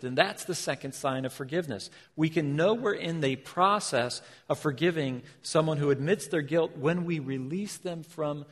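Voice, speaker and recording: A man preaching a sermon as pastor, animated, asking his listeners rhetorical questions. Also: mid-range voice, slightly rough. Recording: long hall reverb.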